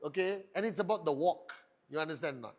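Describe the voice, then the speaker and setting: A man gives a motivational talk in a high voice. He fires off rhetorical questions and drives each point home with emphatic punch. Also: quick pace. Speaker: network marketing leader giving a motivational talk. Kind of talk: motivational speech.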